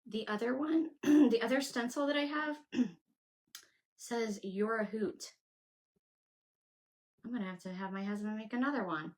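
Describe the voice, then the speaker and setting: A woman's voice: on the high side, measured pace, pauses often, a little mellow. A woman hosting a casual crafting livestream, chatting away and thinking aloud as she works and answers her viewers. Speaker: craft channel host.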